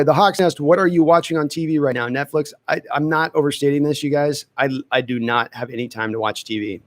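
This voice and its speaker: Brief: male host, casual live-stream chat, thinks out loud, dry close-miked sound. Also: mid-range voice, dry recording. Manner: chatty, thinks aloud with restarts. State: dry throat. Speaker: podcast host answering chat questions.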